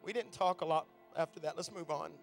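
A man's voice: on the high side, fairly quick, vocal fry, soft background music. A man, a traveling minister, preaching a sermon from a stage in a large room, telling stories in a conversational way.

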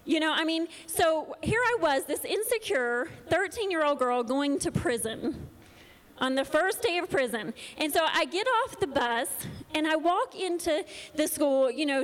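A woman's voice: high-pitched, animated, normal speed, fairly bright tone. A woman preaching a sermon, telling a personal testimony with repeated, emphatic phrases. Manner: storytelling, repetitive emphatic phrasing.

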